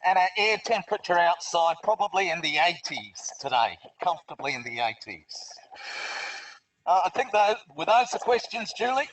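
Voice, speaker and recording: Through a full face mask microphone, a cheerful, chatty man with an Australian accent presents a live educational webinar underwater in a large aquarium tank. His high, fairly bright voice is sing-song at a moderate pace. The audio is distant and muffled, with slight background noise.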